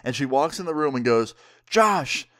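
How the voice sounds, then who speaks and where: A young man telling a story in a casual, animated storytime vlog. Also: medium pitch, quick pace. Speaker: vlogger.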